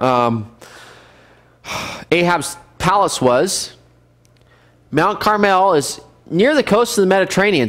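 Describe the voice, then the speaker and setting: Lively, animated male Bible teacher. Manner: lively, animated, acts out scenes with sudden high shouts and laughs. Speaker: pastor teaching a Bible survey class. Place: church fellowship room.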